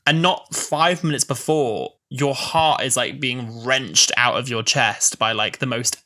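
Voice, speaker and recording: A man's voice: mid-range voice, unhurried, bright, forceful tone. A man in his twenties co-hosting a podcast, chatting casually and gushing with fan enthusiasm. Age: 20s. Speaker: podcast co-host. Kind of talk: casual chat.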